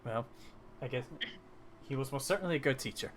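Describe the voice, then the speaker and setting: A man voicing a cheery, teasing female drow barkeeper in a tabletop game, with loud, bubbly greetings. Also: mid-range voice, expressive, a little fast, slight background noise, natural voice. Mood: friendly.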